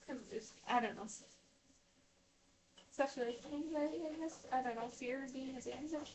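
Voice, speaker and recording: Woman, high voice, casual rambling story, lots of restarts, heard from a distance in a home kitchen. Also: moderate pace, darkish tone. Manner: rambling with many restarts and fillers. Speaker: vlogger. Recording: voice distant from the mic.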